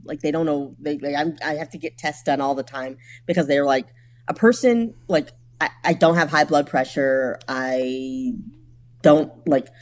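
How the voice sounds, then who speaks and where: A woman's voice: deep voice, steady tone, moderate pace, darkish tone. A young woman comedian chatting as a podcast guest, telling stories wryly with laughs and quoted voices. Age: young adult. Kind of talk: casual podcast chat.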